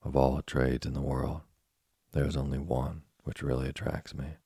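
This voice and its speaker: A man's voice: extremely low pitch, flat delivery, moderate pace, creaky, mellow, slightly rough, no room sound, clean studio sound, exaggerated voice. A man reading an impudent wooden puppet boy. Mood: defiant. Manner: defiant, impatient retorts. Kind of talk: sleep story reading.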